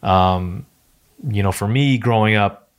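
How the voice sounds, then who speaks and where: Low-voiced man talking through restarts. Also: takes it slowly, clear, resonant tone. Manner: rambling, many restarts and fillers. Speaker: podcast host. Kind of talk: casual conversation.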